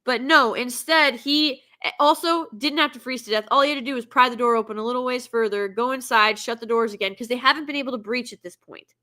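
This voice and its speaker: Bright-voiced sarcastic woman reviewer. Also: on the high side, quick pace. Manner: sarcastic, exasperated ranting. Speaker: film reviewer. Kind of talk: casual film reaction commentary.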